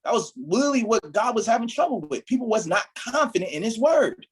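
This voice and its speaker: A man's voice: sits high, very animated, brisk, husky, poor audio. A man leading a motivational training talk for his team as their mentor, emphatic and preachy, often checking in with "right?". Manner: emphatic, repeats "right?", preachy build-ups.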